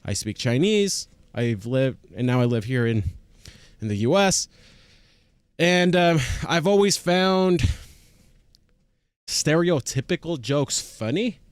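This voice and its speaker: A man's voice: fairly high pitch, expressive, slow pace, clear, resonant tone, no room sound. A young man from Chile hosting a casual reaction video, chatty and easily amused. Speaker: reaction channel host.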